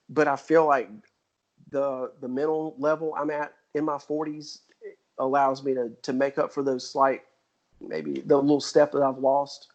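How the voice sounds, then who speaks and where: On lo-fi audio, a man in his forties with a higher-pitched voice appears as an athlete guest on a podcast. The talk is a relaxed interview chat, and he stumbles along with lots of fillers and false starts.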